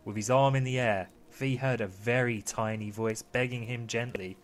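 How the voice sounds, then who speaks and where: A man's voice: medium pitch, fairly even intonation, moderate pace. A man co-hosting a podcast, reading a bedtime story in a playful, mock-fatherly way with frequent giggles. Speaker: podcast co-host.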